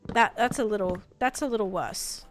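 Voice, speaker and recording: A young woman from Australia with a softened Australian accent, chatting casually with her live stream viewers, rambling and full of "like" fillers. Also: medium pitch, moderate pace, faint music behind. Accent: Australian, softened toward American.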